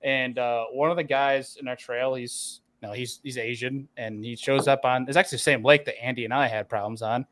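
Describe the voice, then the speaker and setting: A man's voice: mid-range voice, fairly even intonation, fairly quick, few pauses, fairly bright tone. A man hosting a fishing podcast, telling a story in a rambling, casual way. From New York, US. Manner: rambling, filler-heavy. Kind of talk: casual chat.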